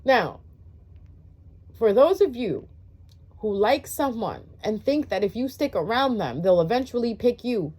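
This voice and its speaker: A woman's voice: fairly high pitch, sing-song, unhurried, dark tone. A woman giving a blunt, preachy talk to her viewers, swearing freely and firing rhetorical questions between lots of fillers. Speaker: tarot reader. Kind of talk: casual monologue to viewers.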